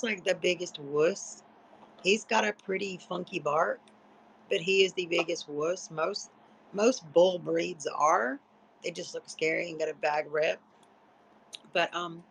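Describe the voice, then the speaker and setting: A woman's voice: fairly low pitch, gravelly, fairly bright tone, slight background noise, poor audio. A sleepy woman chatting casually and rambling on a late-night livestream, salty and profane. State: sleepy, yawning.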